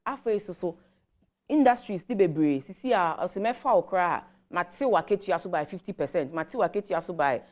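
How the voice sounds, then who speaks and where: A woman with a Ghanaian accent speaks in a measured, explanatory way, moving between Twi and English as she lays out policy. Her voice sits on the low side. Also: animated, a little mellow. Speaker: government guest commentator. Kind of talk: explaining policy on a morning show.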